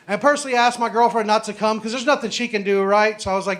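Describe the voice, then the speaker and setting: A man's voice: sits high, racing, hardly any pauses, fairly bright tone. A man doing a stand-up set in a comedy club, telling a story loosely and building to exasperated punchlines.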